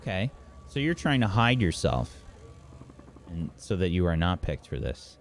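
A man acting as game master, narrating the scene in a relaxed, meandering way with many fillers. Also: deep voice, a little slow, faint music behind.

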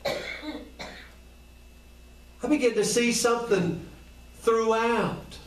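A man's voice: very high voice, takes it slowly. A man preaching an informal sermon in a colloquial way, asking the congregation question after question. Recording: echoey room, voice from far off the mic.

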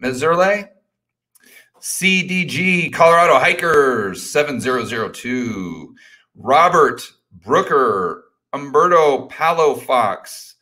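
A middle-aged man hosting a live stream Q&A in a casual, energetic ramble. He stumbles over repeated words as he keeps pushing ahead, at a middle pitch. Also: slow. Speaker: host.

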